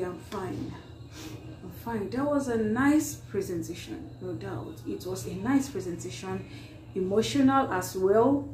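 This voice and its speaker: A woman hosting a reaction vlog, tearful after crying, talking in an apologetic, halting way full of "like". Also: mid-range voice, dark tone. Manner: apologetic, halting, heavy use of "like". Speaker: reaction video host. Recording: echoey room with faint noise.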